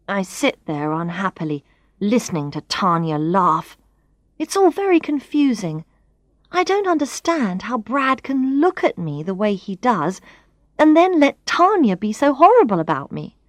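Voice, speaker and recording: Clear, expressive female narrator for a learners' story; dry studio sound. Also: medium pitch, slow, pauses often, no echo. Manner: expressive, clear, first-person reading.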